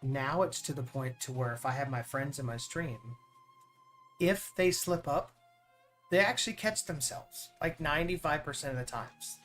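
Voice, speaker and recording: A man's voice: a little high, normal speed, a bit bright, soft background music. A man chatting on his live stream in an earnest, rambling way, often repeating words as he starts a thought. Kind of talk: casual chat on a live stream.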